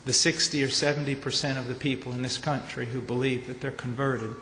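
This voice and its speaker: A man preaching at a conference, emphatic, ranging from low, quiet statements to shouted points. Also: steady tone, brisk. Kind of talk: conference sermon. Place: large conference hall. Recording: echoey hall with faint noise.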